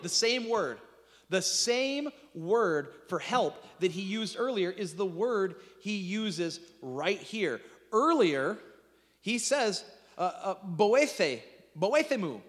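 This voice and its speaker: A man preaching with a high, restless voice that leaps up and plunges low. He stammers through restarts, then drops to a near-whisper. The sound rings with a long hall reverb. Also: big pitch swings, takes it slowly, a bit bright. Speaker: pastor. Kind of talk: sermon.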